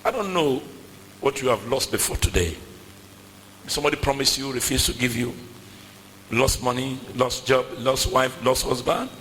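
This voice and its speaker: A man's voice: medium pitch, normal speed, long pauses, fairly bright tone, big-room sound, slight background noise, rough recording. A man preaching a sermon in a church with a West African accent, emphatic and repetitive, calling out to the congregation. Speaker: pastor.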